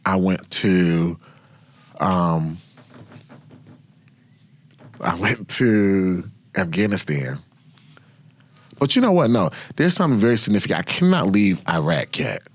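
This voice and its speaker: A man in his thirties tells stories in a brash, profane, animated way. His voice is low and husky and swings widely in pitch. The sound is dry and close. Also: slow, pauses often, dry recording. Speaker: podcast host. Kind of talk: casual storytelling.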